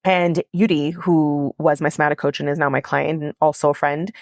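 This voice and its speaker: Low-voiced woman telling a candid story. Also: steady tone, moderate pace, darkish tone, no echo, clean studio sound. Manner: candid, confessional, heavy use of "like". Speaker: podcast host and coach. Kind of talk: personal storytelling monologue.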